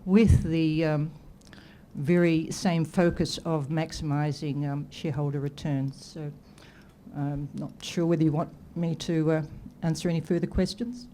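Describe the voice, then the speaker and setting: A woman in her fifties, a board director, speaking in formal meeting remarks that are measured and full of hesitations. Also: sits low, flat delivery, mellow, a little hiss or hum.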